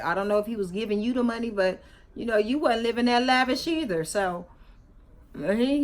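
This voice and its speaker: A woman reacting to a video in a vlog, talking casually in slang, emphatic and repetitive, lecturing as she gives her opinion. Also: a little high. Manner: emphatic, repeats herself, scolding and preachy; casual slangy talk, chewing gum.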